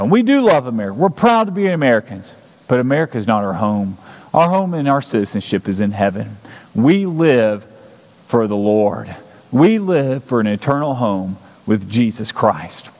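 A man's voice: mid-range voice, a little mellow. A man preaching a sermon as pastor, earnest and urgent, building up with repeated phrases. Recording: long hall reverb.

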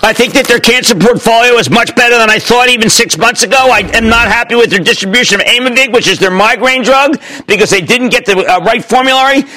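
A man in his sixties hosting a TV stock show, loud and theatrical, jumping between shouts and mutters. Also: very high-pitched, fast talker, few pauses, rough recording. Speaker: TV host. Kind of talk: excitable TV stock commentary.

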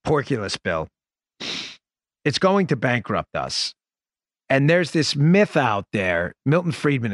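A man hosting a political commentary show, talking in an animated, sarcastic and emphatic way. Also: medium pitch, no room sound, studio quality. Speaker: podcast and radio host.

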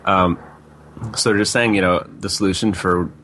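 Guy with a very low voice guesting on a tech radio show, loose rambly talk, lots of "you know". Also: fairly even intonation, normal speed, pushed and bright, slight background noise. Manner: rambling, loose, full of hedges and restarts. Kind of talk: casual radio interview talk.

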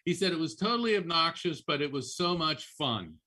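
A man who is a psychic medium, giving animated, chatty readings on a call-in show and often repeating names as he goes. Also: fairly high pitch, a little fast.

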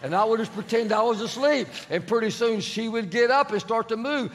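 A man's voice: high-pitched, brisk, few pauses. A middle-aged man preaching a sermon, telling family stories with humor and acting out the voices of others. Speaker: pastor. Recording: long reverb of a large hall.

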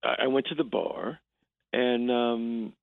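Gravelly-voiced man over a tinny phone line. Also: mid-range voice, no room sound. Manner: halting storytelling full of restarts and acted-out quotes. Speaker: actor and guest. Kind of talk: telling a story in a radio interview.

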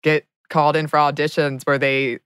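A woman's voice: deep voice, level tone, moderate pace, fairly bright tone, smooth, dry recording, clean studio sound. A woman who hosts the podcast and auditions as a voice actor, chatting playfully with frequent laughs. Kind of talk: casual podcast chat.

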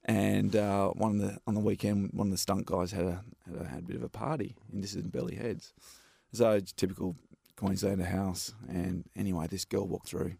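A man's voice: low voice, steady tone, a little fast, gravelly, few pauses, warm tone, husky, no echo, clean studio sound. A man with an Australian accent, a stuntman guest telling rambling anecdotes in a casual interview. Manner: laid-back, rambling anecdotes with many fillers.

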